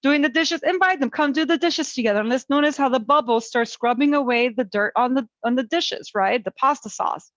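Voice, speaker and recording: A woman's voice: sits high, fairly quick, few pauses, no room sound, highs cut off. A woman presenting an online webinar on parenting and resilience, talking in an encouraging, chatty way with many fillers.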